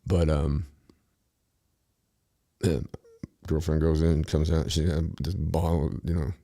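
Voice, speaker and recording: A man with a very low, gravelly voice tells a winding story in casual talk. His tone is dark and mellow, and he wanders off topic and swears freely as he goes. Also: little pitch movement, slow pace. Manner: rambling, profane, easily sidetracked.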